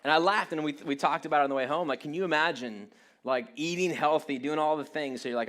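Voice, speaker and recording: A man's voice: on the high side, quick pace, fairly bright tone. A man in his late thirties preaching a sermon, telling a rambling, self-deprecating story with frequent restarts. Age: 30s. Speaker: pastor.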